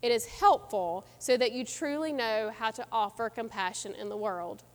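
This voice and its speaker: A woman's voice: fairly high pitch, normal speed, long reverb tail. A woman pastor delivering a sermon in an earnest, reflective way.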